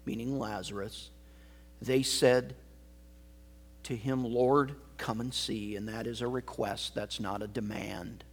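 Husky preacher, slow, loud to whispered. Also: male voice, on the low side, fairly even intonation. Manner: dramatic swings from loud emphasis to hushed near-whispers. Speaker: pastor. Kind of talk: sermon.

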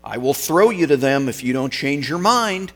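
A man voicing a commanding Roman governor who issues forceful demands and threats in a sermon story. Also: mid-range voice, lively intonation, moderate pace. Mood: stern.

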